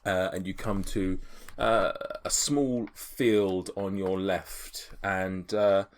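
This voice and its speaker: A man's voice: low-pitched, steady tone, slow pace. A man narrating a tabletop game as game master, rambling and hesitant with many ums.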